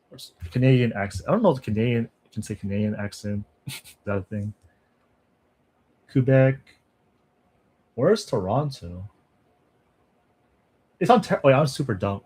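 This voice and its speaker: A man's voice: on the low side, darkish tone. A man chatting casually with viewers on a livestream, thinking aloud, laughing often and trailing off into asides. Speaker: language-learning streamer.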